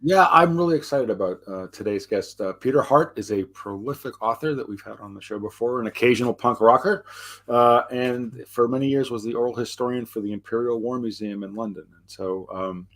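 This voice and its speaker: A man's voice: mid-range voice, a little fast, a bit bright. A man co-hosting a casual history podcast, introducing a guest in an easygoing way and laughing often. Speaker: podcast co-host.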